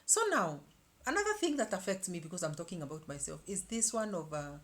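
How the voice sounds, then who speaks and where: A woman in her fifties vlogs casually to camera in a lowish voice, talking fairly quickly. She's animated, often repeating words and restarting sentences.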